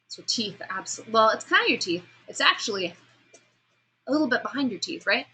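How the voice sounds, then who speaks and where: A speech instructor gives a classroom lecture on vocal delivery in a bright, forward voice with a husky, breathy edge, pitched fairly high and moving fairly quickly. She's animated, questions her students, and acts out each sound and pace change as she explains it. The recording is rough.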